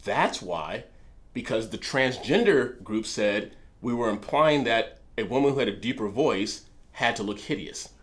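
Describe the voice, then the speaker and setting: A man's voice: mid-range voice, animated, unhurried, a bit bright. A man co-hosting a casual trivia chat, laughing often and telling stories at length. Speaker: co-host.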